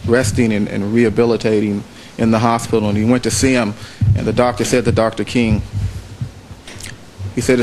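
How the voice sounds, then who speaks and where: Measured man arguing to a jury. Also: lowish voice, level tone, darkish tone, slight background noise, low-quality recording. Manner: measured, repeats phrases for emphasis. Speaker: trial lawyer. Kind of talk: closing argument to a jury. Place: courtroom.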